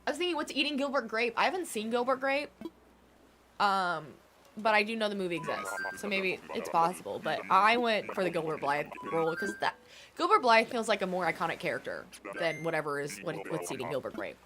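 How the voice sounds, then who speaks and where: A woman's voice: mid-range voice, lively intonation, fairly quick, over music. A young woman streaming a game, chatting casually and answering her chat, with a stuffy nose. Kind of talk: casual chat while gaming.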